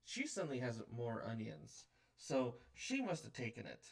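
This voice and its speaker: A pitched-up young kobold boy, as a game master puts him on, rattling off grievances and tripping over his own sentences. His voice is gravelly and sounds a little distant from the mic. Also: sing-song, moderate pace. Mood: aggrieved. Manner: rambling, stumbling complaint. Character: young male kobold, defensive and aggrieved.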